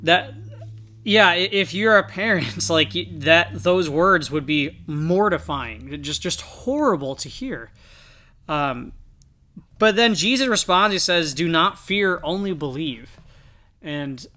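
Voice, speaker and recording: Bright-voiced earnest male podcast co-host. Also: a little high, animated, takes it slowly. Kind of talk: casual Bible discussion.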